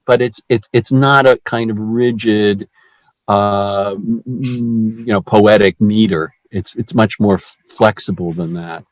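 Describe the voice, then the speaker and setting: Slow, halting man leading a poetry group. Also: on the low side, steady tone, no echo, rough recording. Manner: halting, many restarts and fillers. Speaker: discussion group leader. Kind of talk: poetry discussion.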